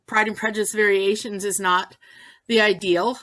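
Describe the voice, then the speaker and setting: A woman's voice: mid-range voice, steady tone, moderate pace, pushed and bright. A woman from Canada at a writers' workshop, speaking hesitantly and with self-deprecation. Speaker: workshop participant. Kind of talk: casual chat.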